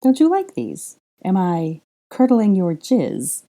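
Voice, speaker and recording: A woman's voice: medium pitch, huge pitch swings, slow pace, mellow, pitched above the performer's own voice, exaggerated voice. A woman doing a cheeky young witch. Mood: playful. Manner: playful, breathy drawl.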